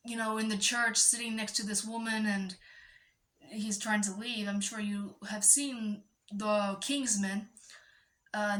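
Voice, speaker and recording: A woman's voice: medium pitch, a bit bright, roomy sound. A woman vlogging in a chatty, digressive monologue, breaking off to scold her pet. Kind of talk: casual rambling monologue.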